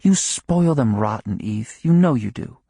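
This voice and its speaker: A man reading an audiobook, voicing a fond small-town wife who coaxes and gently scolds her husband. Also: medium pitch, lively intonation, a little slow, creaky, husky, no echo, clean studio sound, full character voice. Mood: fond scolding. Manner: light, coaxing and chiding.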